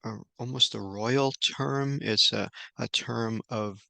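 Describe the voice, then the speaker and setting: A man giving an unscripted Bible study lesson indoors, halting often with fillers and restarts. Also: mid-range voice, vocal fry, sharp tone, no room sound. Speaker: Bible teacher.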